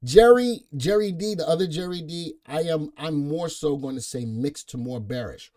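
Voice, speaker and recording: Middle-aged male host, playful and punning, mellow tone, slightly high voice. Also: moderate pace. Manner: playful, punning, reads viewer comments aloud. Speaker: stock market show host. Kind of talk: live market update chat with viewers.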